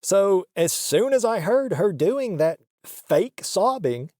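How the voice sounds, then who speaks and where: Speaking slowly with few pauses, a man in character as a comedic host rants in self-defense, insisting on his points again and again. His high, warm voice swings widely in pitch, recorded in a clean studio with no echo.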